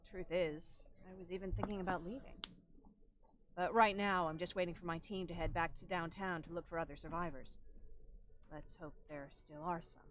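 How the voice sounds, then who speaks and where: A woman's voice: on the low side, steady tone, moderate pace, close to an everyday voice. A woman playing a weary resistance survivor. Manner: soft, tired, self-doubting. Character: weary female resistance survivor in her thirties. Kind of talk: video game dialogue.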